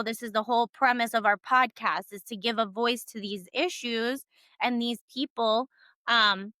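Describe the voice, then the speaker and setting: A podcast co-host from a Cuban family background speaks in a bright, slightly high voice, earnest and emphatic, leaning on "like" as a filler. The sound is close, dry and clean, with no echo.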